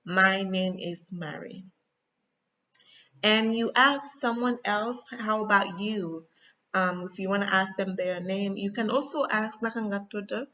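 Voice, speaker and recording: A woman teaching a language lesson, explaining slowly and patiently with frequent pauses and ums. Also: mid-range voice, steady tone, pushed and bright, muffled recording. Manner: patient, slow, with frequent ums and spelled-out examples.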